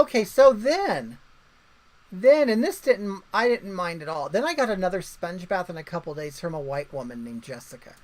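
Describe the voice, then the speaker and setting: Woman livestream host, chatty and rambling, lively swooping voice, reads out viewer comments. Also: mid-range voice, rough recording. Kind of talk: casual livestream chat.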